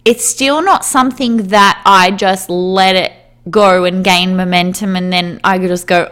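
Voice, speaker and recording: A woman speaks in a relaxed, candid monologue, her voice sitting at an ordinary mid-range pitch. She rambles in a friendly way, peppering her sentences with "like" and quick laughs. A casual swear slips in here and there without any fuss. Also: clear, resonant tone.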